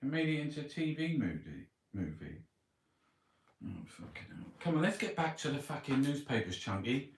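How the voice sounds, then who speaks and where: A man's voice: medium pitch, very animated, normal speed. Grumbling, sweary Cockney man, distant and roomy. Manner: grumbling, sweary, talks to himself. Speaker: newspaper review host. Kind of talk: rambling casual monologue. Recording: roomy, distant mic with background noise.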